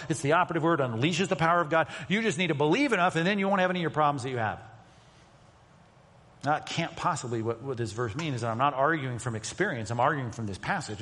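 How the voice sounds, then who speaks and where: Man, pastor, sermon, emphatic, hushed asides, fairly high voice, long hall reverb. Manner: emphatic, shifts between loud and hushed delivery.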